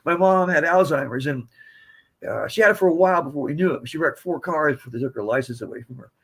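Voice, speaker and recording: Older man in his seventies, podcast guest, husky, slightly high voice, digressive storytelling. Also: quick pace, a bit bright. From United States. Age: 70s. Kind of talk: casual storytelling.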